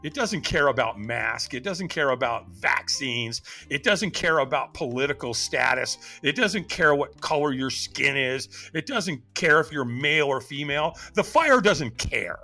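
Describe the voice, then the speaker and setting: Lively, bright-voiced male storyteller. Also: medium pitch, a little slow, vocal fry, few pauses, soft background music. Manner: dramatic storyteller who acts out quoted voices. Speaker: podcast guest. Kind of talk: animated personal storytelling.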